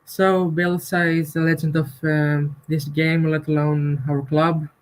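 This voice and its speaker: A man's voice: on the high side, flat delivery, a little slow, rough recording. A man from Greece, calling in to a fan show, speaking hesitantly and searching for words over an online call. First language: Greek. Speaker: caller. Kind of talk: call-in chat. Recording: online call with connection dropouts.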